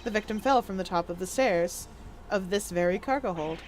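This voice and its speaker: A woman voicing a cool, formal male prosecutor who lays out his reasoning in a measured, precise way. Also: medium pitch, slight background noise, pitched below the performer's own voice, close to an everyday voice. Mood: calm, deductive.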